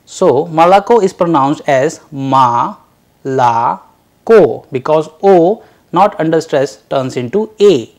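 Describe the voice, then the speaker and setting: Slow, careful language teacher. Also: mid-range voice, darkish tone. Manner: slow, careful, drawn-out letter sounds for learners to repeat. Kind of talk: recorded video lecture.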